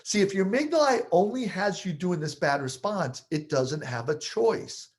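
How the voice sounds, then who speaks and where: A man coaching listeners on triggers, explaining with lively stories he partly acts out. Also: high voice, moderate pace. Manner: animated storyteller, acts out scenes. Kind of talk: explaining with stories, podcast talk.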